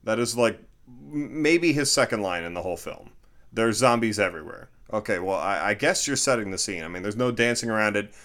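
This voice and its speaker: Smooth-voiced man, halting and sarcastic. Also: fairly low pitch, expressive, fairly bright tone. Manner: halting, sarcastic and joking, many restarts. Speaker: podcast co-host. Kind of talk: casual chat reviewing a film.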